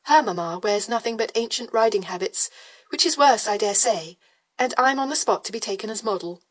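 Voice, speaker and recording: A woman plays a reserved young widow with a cool, quietly amused manner. She is an audiobook figure, close to the reader's own voice. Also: fairly high pitch, expressive, fairly quick. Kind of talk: audiobook character voice.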